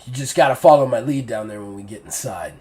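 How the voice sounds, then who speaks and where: A man's voice: medium pitch, quick pace, darkish tone, pitched below the performer's own voice, close to an everyday voice. A man voicing a brash, confident male guide in a tabletop game. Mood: breezy.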